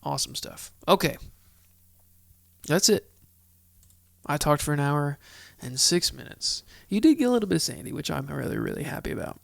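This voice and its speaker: A man's voice: on the high side, big pitch swings, moderate pace, creaky, pauses often, no room sound. A man hosting a solo Bible study podcast, chatty and heartfelt, thinking aloud as he goes. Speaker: podcast host.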